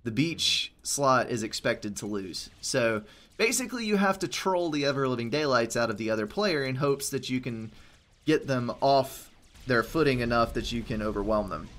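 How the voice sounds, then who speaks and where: A man's voice: mid-range voice, expressive, moderate pace, fairly bright tone. A man giving casual gameplay commentary, explaining positions in a dry, slightly sarcastic way. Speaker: game commentator.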